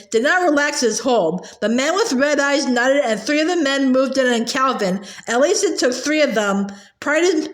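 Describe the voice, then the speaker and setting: Woman reading a book out loud, pretty high voice, kinda echoey room, trips over words sometimes. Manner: reads with small slips and restarts, lifting her voice for dialogue. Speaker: reader. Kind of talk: reading a novel aloud.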